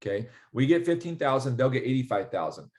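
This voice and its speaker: Male guest, mid-pitched, chatty, acts out the dialogue in his stories. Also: quick pace. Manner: animated storyteller, acts out quoted dialogue. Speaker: ERC specialist guest. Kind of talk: casual explanatory interview.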